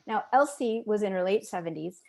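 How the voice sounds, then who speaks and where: A woman speaking as a guest in an interview, sharing her own story with earnest feeling. Her voice sits at an ordinary middle pitch as she talks. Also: lively intonation, brisk, gravelly, darkish tone. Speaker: podcast guest. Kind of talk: personal testimony in an interview.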